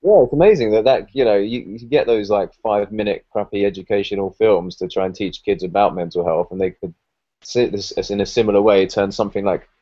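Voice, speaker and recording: A man's voice: fairly low pitch, a little fast, warm tone. A young man chatting casually as a podcast co-host, rambling and laughing often as he retells comedy sketches. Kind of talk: casual chat. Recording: dry, slightly dull lo-fi sound.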